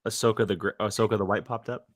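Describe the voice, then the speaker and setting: A young man co-hosting a casual fan podcast, excitable and teasing as he talks. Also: lowish voice, quick pace, no echo, studio quality. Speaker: podcast co-host.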